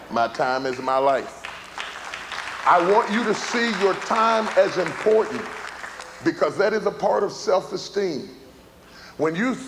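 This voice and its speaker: Emphatic preacher in a big hall. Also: male voice, high voice, creaky, a little hiss or hum. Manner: emphatic repetition, rising to shouts. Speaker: pastor. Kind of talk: sermon. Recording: large hall with live audience.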